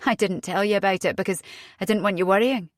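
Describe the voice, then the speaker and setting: A woman reading an audiobook voices an agitated young mother, fierce and frightened, her voice jumping high when upset. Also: quick pace, dry recording, studio quality, lightly acted.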